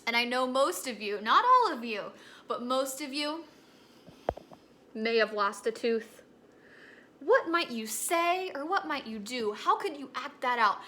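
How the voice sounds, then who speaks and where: A young woman teaches a recorded lesson for kindergartners with a high, bright voice. She speaks in a gentle, encouraging storytelling manner. Faint background noise sits behind her. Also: lively intonation, a little slow.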